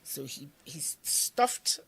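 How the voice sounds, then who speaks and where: A middle-aged Nigerian woman with a Nigerian accent tells a personal story as an interview guest, speaking very slowly. She's animated, acting out the voices she quotes and sometimes dropping to a whisper.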